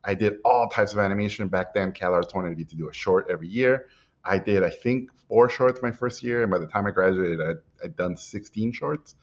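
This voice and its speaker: A middle-aged man, an animation director, telling stories from his life in an animated way, often chuckling as he talks. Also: lowish voice, brisk. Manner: animated storyteller, chuckles while telling anecdotes. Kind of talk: personal storytelling talk. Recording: dull lo-fi recording.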